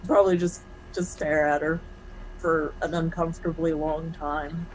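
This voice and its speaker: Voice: mid-range voice, flat delivery, moderate pace, noisy background. Playful role-playing game player. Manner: short playful questions.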